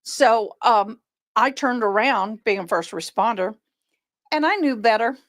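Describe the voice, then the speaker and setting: On a casual video chat from home, a woman co-hosting a live stream tells a story in an unhurried, somewhat high voice. She's an animated storyteller who acts out the people she quotes, and her audio comes through a video call webcam.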